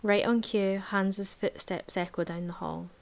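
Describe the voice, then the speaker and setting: A woman reading a novel aloud in a measured, even voice, then chatting casually about the book. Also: mid-range voice, creaky. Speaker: book reviewer.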